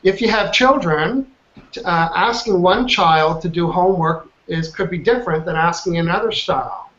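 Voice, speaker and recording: A man's voice: high voice, lively intonation, normal speed, a bit bright. A man leading an online coaching class, upbeat and chatty, often checking in with his students. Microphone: video call. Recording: muffled online call audio.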